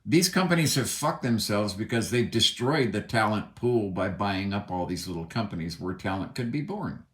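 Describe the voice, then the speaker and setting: A man's voice: lowish voice, animated, moderate pace. A man ranting in a solo commentary, angry and emphatic, swearing often. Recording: echoey room.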